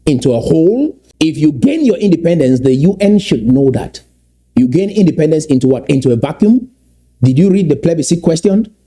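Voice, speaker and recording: A man giving impassioned political commentary, emphatic and repeating key points slowly for weight. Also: on the high side, big pitch swings, warm tone.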